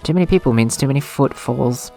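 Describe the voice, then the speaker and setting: A man's voice: mid-range voice, fast, dark tone, soft background music, pitched above the performer's own voice, close to an everyday voice. A man reading the lines of a wry, grumbling young male thief with a dry, sarcastic manner. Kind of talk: reading game dialogue aloud.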